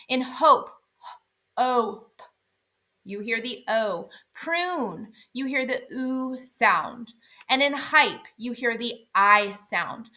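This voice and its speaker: Female phonics teacher, higher-pitched and bright, clear and deliberate delivery. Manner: clear, deliberate, sounds out letters. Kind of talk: instructional explanation.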